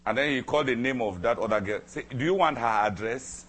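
A man preaching a sermon, telling a personal story with dramatic repetition and emphatic swings between loud and soft. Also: mid-range voice, animated, normal speed, hardly any pauses, husky. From Cameroon. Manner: dramatic, repeats phrases for emphasis.

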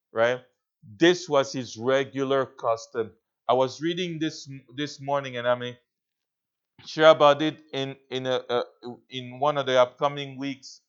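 A man's voice: mid-range voice, smooth. A man preaching a sermon as a pastor, earnest and emphatic, often restarting his phrases and checking in with the listeners. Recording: dull lo-fi recording.

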